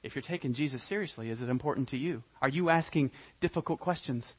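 A man preaching a sermon, dramatic, swinging between loud emphatic points and quiet hushed asides. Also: mid-range voice, fast, slightly rough, lo-fi sound. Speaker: pastor.

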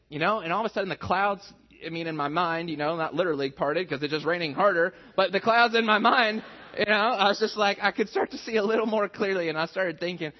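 Man preaching, thirties, fairly high voice, chatty self-deprecating stories, muffled lo-fi sound. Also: fast. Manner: conversational, self-deprecating storytelling. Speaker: pastor. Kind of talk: sermon.

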